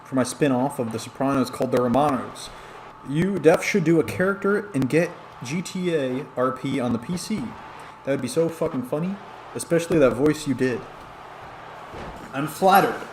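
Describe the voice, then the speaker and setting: A man's voice: mid-range voice, moderate pace, slight background noise. Tipsy man calling wrestling in a roomy room. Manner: rambling, chatty, talks back to chat comments. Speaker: streamer and wrestling game commentator. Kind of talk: play-by-play commentary on a video game while reading chat.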